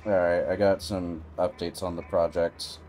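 A man's voice: deep voice, flat delivery, normal speed, warm tone, soft background music. A man hosting a game livestream, chatting casually with wry, laid-back commentary. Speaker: livestream host. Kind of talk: casual gaming stream chat.

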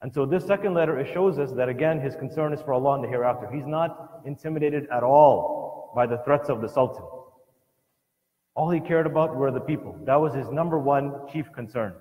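A man's voice: mid-range voice, fairly quick, highs cut off. Earnest man lecturing in a reverberant hall. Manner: earnest, emphatic storytelling with frequent restarts. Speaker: lecturer at a community family program. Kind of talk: religious lesson retelling a scholar's life.

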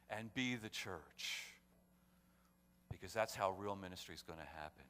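A male pastor preaching a sermon, swinging between loud, emphatic calls and quiet, low storytelling. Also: brisk. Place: church sanctuary. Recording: long church hall reverb.

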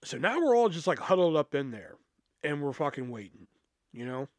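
A man's voice: on the high side, very animated, moderate pace, no room sound. A man hosting a podcast, telling a story in a casual, profane way, full of fillers and asides. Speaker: podcast host.

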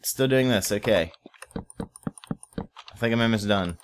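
A man's voice: on the low side, a little slow, background noise. A young man casually commenting while playing a modded block game, rambling, swearing offhand and chatting to viewers and in-game animals. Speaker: Let's Play host.

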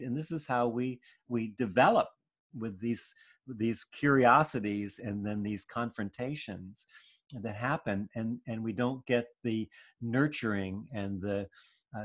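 A man giving a gentle, searching spiritual talk, with soft hesitations as he thinks. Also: on the low side. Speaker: spiritual teacher.

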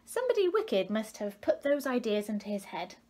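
A woman's voice: a little high, very animated, fairly quick, mellow. A woman doing an anxious mother fish. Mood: fretful. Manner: fretful, conforming.

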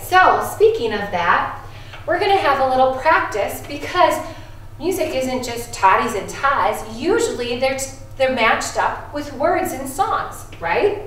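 A woman music teacher leading a lesson for second graders, calmly encouraging them and chanting rhythm syllables. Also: fairly high pitch, slight background noise. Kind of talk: video music lesson for children. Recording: echoey room, voice from a distance.

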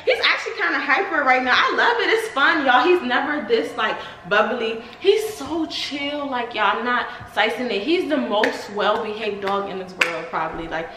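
Chatty young woman vlogging at home, really animated high voice, kinda roomy echo. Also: moderate pace, few pauses, noisy background. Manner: chatty and excitable, addresses viewers as y'all. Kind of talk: casual vlog chat. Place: at home with her dog.

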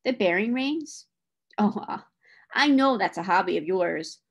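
A woman's voice: mid-range voice, expressive, a little slow, husky. A woman reading the lines of a proud military captain who asks a friend's opinion of his horses. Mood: breezy. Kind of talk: reading a novel aloud.

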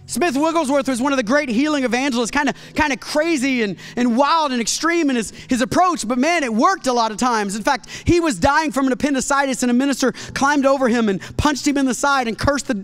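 A man, a pastor, telling a miracle story in a sermon, acting out the dialogue and building to loud climaxes. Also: very high voice, a little fast, hardly any pauses, clear, resonant tone.

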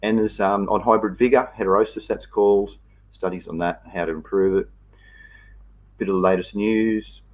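A man's voice: lowish voice, steady tone, normal speed. A man with an Australian accent hosting a casual livestream, reading out viewer comments and greeting each viewer by name in a laid-back, colloquial way. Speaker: livestream host.

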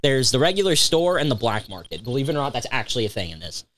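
A young man playing a video game and chatting casually, relaxed, explaining game mechanics with casual swearing. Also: mid-range voice, fast talker, slight background noise. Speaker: player in a let's play. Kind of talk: casual gaming chat. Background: faint game music.

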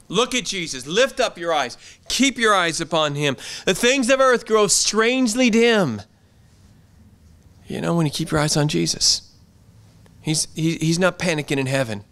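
A man's voice: on the high side, animated, moderate pace, fairly bright tone. A pastor giving an earnest, conversational sermon in a church, often repeating his phrases.

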